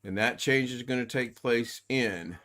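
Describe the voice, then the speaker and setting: Brief: man, stream host, folksy and joking, middle-pitched everyday voice, desk mic. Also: measured pace, fairly bright tone. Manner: folksy, joking, says "doggone". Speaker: livestream host. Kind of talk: casual chat. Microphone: desk USB microphone.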